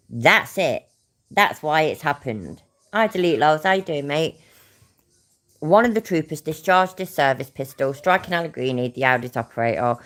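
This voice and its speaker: A woman with a British accent and a low voice reads out a news report and then reacts to it. She is blunt and sarcastic and swears freely. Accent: British English. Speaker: commentary channel host. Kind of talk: reacting to a news story and clip.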